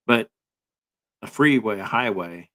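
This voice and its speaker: A man's voice: lowish voice, lively intonation, unhurried, sharp tone. A man giving casual, rambling commentary full of sarcastic jokes and filler words.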